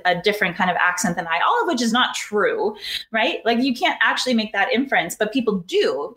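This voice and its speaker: A woman's voice: medium pitch, fairly bright tone. A woman as an interview guest, explaining her ideas earnestly and building up lists of points. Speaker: guest expert.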